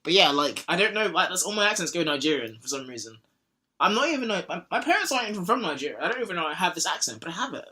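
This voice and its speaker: A man's voice: high-pitched, sing-song, rapid-fire, bright, forceful tone. A young man hosting a casual podcast, rambling and joking, now and then sliding into silly put-on voices. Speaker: podcast host.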